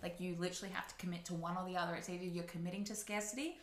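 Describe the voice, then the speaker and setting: A woman's voice: fairly low pitch, fairly even intonation, racing. A woman co-hosting a podcast in casual chat, bubbly and swearing freely. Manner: bubbly, swears freely, bursts into loud laughs. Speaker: podcast co-host. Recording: roomy echo.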